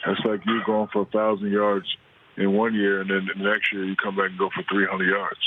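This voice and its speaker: A man's voice: sits low, monotone, fairly quick. A middle-aged man calling in from his home kitchen, talking in a laid-back way and repeating words while he finds his point. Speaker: guest on phone. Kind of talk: casual chat. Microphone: phone. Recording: tinny phone line with faint noise.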